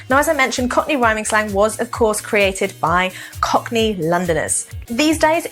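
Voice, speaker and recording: A woman teaches to camera, her voice sitting a little high. She explains each point in a clear and measured way. Faint music plays quietly behind her. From south of England. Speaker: English teacher. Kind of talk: scripted lesson to camera.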